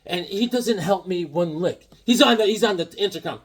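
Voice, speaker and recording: A man vlogging about his comic haul, telling rambling jokey stories in an animated way and often repeating his words. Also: sits high, moderate pace, breathy edge. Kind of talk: rambling casual storytelling.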